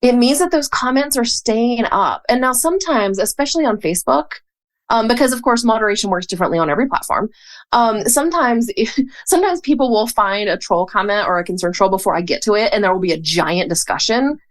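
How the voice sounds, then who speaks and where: A woman with a Southern US accent, from North Carolina, speaking as a podcast guest in a measured, thoughtful way with dry humor. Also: a little high, lively intonation. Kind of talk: casual interview chat.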